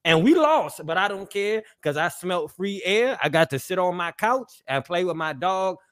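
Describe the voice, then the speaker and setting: A man's voice: high voice, very animated, moderate pace, a bit bright. A young man co-hosting a podcast, talking in an emotional, apologetic, profane way with lots of repetition. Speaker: podcast co-host. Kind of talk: emotional personal monologue.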